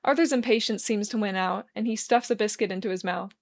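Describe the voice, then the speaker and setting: A woman reading a fan fiction story aloud in a steady, even narration. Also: medium pitch, quick pace, vocal fry.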